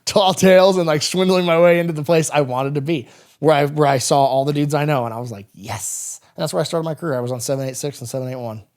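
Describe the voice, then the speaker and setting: A man in his thirties, a veteran guest on a podcast, telling stories casually and acting out the dialogue. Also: fairly high pitch. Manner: rapid, animated anecdotes with quoted dialogue. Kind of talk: casual storytelling interview.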